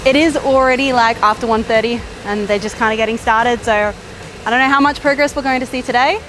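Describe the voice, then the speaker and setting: A woman's voice: on the high side, steady tone, brisk, fairly bright tone. Chatty young woman vlogging outdoors. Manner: chatty, upbeat, with filler ums. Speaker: sailing vlog host. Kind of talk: casual vlog narration to camera. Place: outdoors in a boatyard. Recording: outdoor noise behind.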